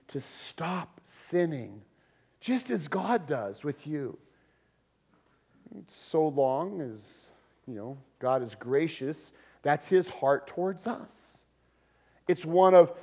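A pastor, preaching a conversational sermon and acting out quotes with humor. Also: male voice, fairly high pitch, a little mellow.

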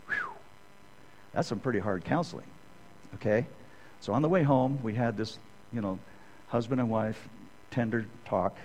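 A man's voice: fairly low pitch, animated, moderate pace, pauses often, darkish tone, poor audio. Conversational middle-aged man preaching. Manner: conversational, checks in with "okay?" often. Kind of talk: sermon.

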